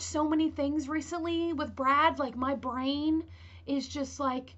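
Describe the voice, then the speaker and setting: A woman's voice: high-pitched, fairly even intonation, a little slow, dull audio. A woman hosting a casual true-crime podcast, rambling and chatty with lots of filler words. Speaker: podcast host.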